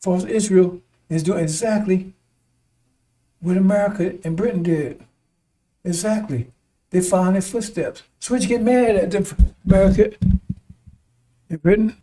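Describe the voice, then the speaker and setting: High-voiced preacher, distant from the mic. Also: male voice, warm tone. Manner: halting, repeats words, keeps asking "see?"; chuckles between points, turns emphatic at times. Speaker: preacher addressing a congregation. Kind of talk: rambling sermon-style commentary.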